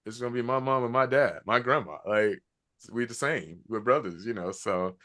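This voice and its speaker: A man's voice: medium pitch, moderate pace, a bit bright. A middle-aged man and military veteran telling a personal story in a casual, reflective way, quoting the people involved. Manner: casual, reflective, quotes others in conversation.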